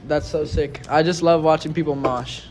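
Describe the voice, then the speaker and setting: A man's voice: on the high side, fairly even intonation, moderate pace. A young man from New York City, a band member, talking casually and bluntly with lots of swearing. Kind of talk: casual interview chat. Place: busy pizza shop. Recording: crowd chatter behind.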